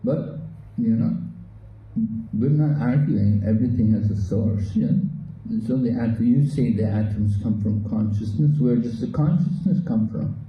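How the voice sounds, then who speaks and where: A man's voice: mid-range voice, measured pace. A man teaching a scripture class, posing skeptical questions to his students and answering their replies. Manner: plays a skeptic, quizzing students in quoted objections. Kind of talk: interactive class discussion. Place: hall. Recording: roomy dull recording with faint noise.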